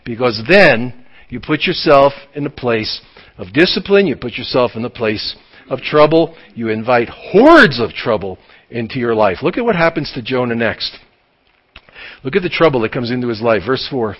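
A man preaching a sermon, animated and acting out little dialogues as he speaks. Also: medium pitch, normal speed, low-quality recording. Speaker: pastor.

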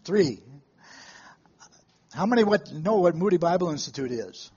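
A man preaching a sermon to a live congregation, telling stories in a folksy way with halting restarts and questions to the room. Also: high voice, lively intonation, a little mellow, slightly rough, highs cut off.

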